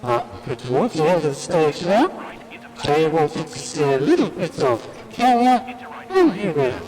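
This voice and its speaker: A man's voice: a little high, very animated, a little slow, a little mellow, big-room sound, voice pushed up, poor audio. A man doing an impression of a fussy, prissy male protocol droid over a robot voice filter while driving a rally game.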